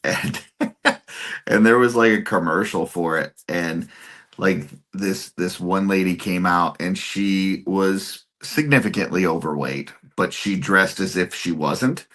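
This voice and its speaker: Slow, low-voiced man chatting casually. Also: a bit bright. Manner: storytelling, giggles often. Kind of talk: casual chat.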